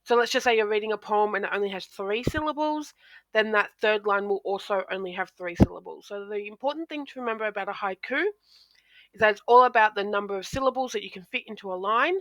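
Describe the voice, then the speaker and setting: A woman's voice: medium pitch, fast, a bit bright, dry recording. A woman teacher explaining poetry in a recorded lesson, talking into a close microphone with frequent ums and restarts.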